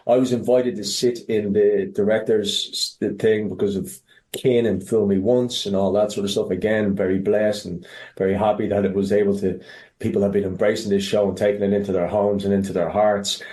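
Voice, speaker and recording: A man with an Irish accent, a podcast guest telling stories in casual chat, animated, swearing freely and often restarting his sentences. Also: lowish voice, moderate pace, reverberant. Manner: animated, profane, many restarts. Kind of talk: casual interview storytelling.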